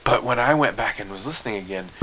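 A man co-hosts a podcast in loose, rambling chat, joking and sometimes trailing off into mumbles. His voice sits a bit low, with faint hiss in the recording. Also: fast talker, sharp tone, low-quality recording. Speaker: podcast co-host.

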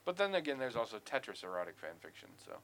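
A man co-hosting a podcast in casual chat, talking in an animated, profane way with bursts of mock outrage. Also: mid-range voice, fast. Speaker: podcast co-host.

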